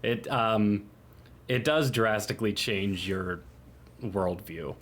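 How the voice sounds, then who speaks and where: A man co-hosting a podcast with dry, deadpan banter. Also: fairly low pitch, takes it slowly. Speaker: podcast co-host.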